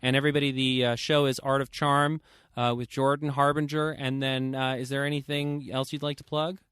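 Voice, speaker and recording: A man in his thirties hosting a podcast, talking in a loose, animated way with lots of fillers and quoted asides. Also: mid-range voice, a little fast, clear, resonant tone, dry recording, clean studio sound. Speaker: podcast host. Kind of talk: casual interview chat.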